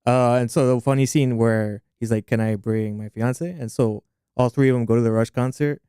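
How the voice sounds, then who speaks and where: A man's voice: medium pitch, fairly even intonation, moderate pace, dark tone, smooth, dry recording, studio quality. A man co-hosting a casual movie podcast, laid-back, recapping scenes and laughing along. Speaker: podcast co-host. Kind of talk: casual movie discussion chat.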